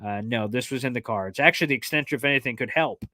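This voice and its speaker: Man, sports stream host, excitable, jokey, mid-range voice, dry close sound. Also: mid-range voice, dry recording. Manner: excitable, jokey, fast-talking with many fillers. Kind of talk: casual live chat reading fan questions.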